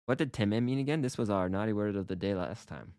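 A man with a low voice co-hosts a relaxed Japanese lesson podcast. He explains with playful energy and acts out example phrases. The sound is close and dry, with no room echo. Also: fast. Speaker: co-host teaching Japanese. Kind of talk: casual language lesson podcast.

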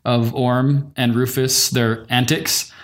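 A man's voice: mid-range voice, level tone, slow. A man in casual chat, laughing often and eagerly adding favorite moments.

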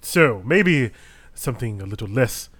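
A man's voice: mid-range voice, expressive, a little slow, a bit bright, no room sound. A man running a tabletop role-playing game as game master, reading out item rules and teasing the players. He laughs easily and slips playfully between narration and banter. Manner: giggly, teasing.

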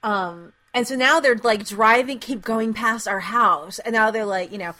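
A woman's voice: a little high, moderate pace, bright, forceful tone. A woman co-hosting a podcast, telling a story in casual chat, laughing often and filling with "like". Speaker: podcast co-host.

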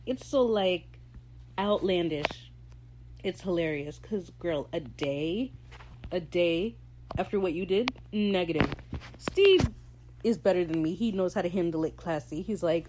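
A woman hosting a casual solo recap, talking in an animated, gossipy way and quoting characters in little voices. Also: on the low side, a little slow, background noise. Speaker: podcast host recapping a TV episode.

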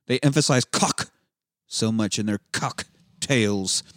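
A man's voice: medium pitch, moderate pace, dry recording, clean studio sound. Laid-back man recapping a movie, swearing. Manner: laid-back rambling storytelling, swears freely, acts out lines. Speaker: podcast co-host. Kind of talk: casual movie recap chat.

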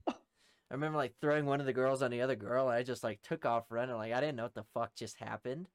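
A young man spins a rambling war-buddy story, full of swearing and chuckles, in a voice of ordinary middle pitch. The sound is dry and close, with no room around it. He talks loosely, piling on fillers as he goes. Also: fairly even intonation, fast, clean tone, dry recording. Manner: profane, rambling, laughs through his story. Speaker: podcast co-host, former Army private. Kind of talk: casual storytelling.

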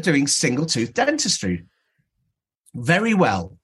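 A dentist being interviewed on a podcast, telling stories in an animated way and acting out dialogue. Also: male voice, medium pitch, normal speed, husky.

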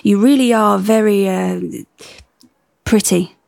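Woman voicing an earnest, gravelly awkward date, dead serious. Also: sits high, steady tone, takes it slowly, darkish tone, no room sound, clean studio sound, heavily acted. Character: awkward small male photographer, earnest and grave.

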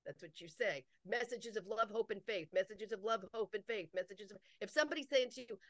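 A woman's voice: mid-range voice, fairly quick, hardly any pauses, dry recording. A woman, a psychic medium, talking casually in an interview, stressing her points by repeating phrases and acting out the voices she quotes.

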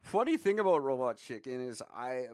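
Profane, laughing podcast co-host. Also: male voice, medium pitch, big pitch swings, normal speed, darkish tone, dry recording. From Canada. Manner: profane, laughing, rambling storyteller. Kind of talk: casual chat.

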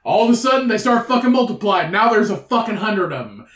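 A man's voice: sits high, very animated, fast, a bit bright, reverberant. A man co-hosting a podcast, telling a profane, rambling story in casual banter and laughing often. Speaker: podcast co-host. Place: room indoors.

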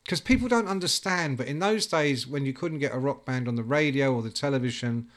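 Animated British-chat man telling stories. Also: mid-range voice, brisk. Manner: animated storyteller who acts out quoted voices. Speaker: guest recalling music journalism days. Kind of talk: casual storytelling chat.

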